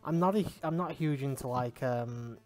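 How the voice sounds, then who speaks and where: A man's voice: mid-range voice, normal speed, a little mellow. Sheffield-accented man, casual streamer. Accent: Sheffield, Yorkshire English. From England. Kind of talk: casual gaming stream chat.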